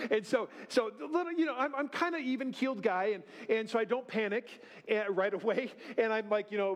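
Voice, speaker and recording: Middle-aged pastor guy, high voice, folksy self-deprecating sermon, keeps saying right?. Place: church sanctuary.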